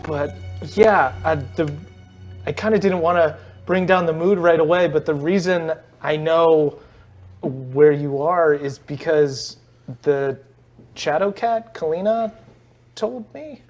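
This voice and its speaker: Male player, very slow and halting, mid pitch, faint music under. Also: a little mellow, highs cut off. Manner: halting, searching for words. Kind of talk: playing his character in a tabletop game.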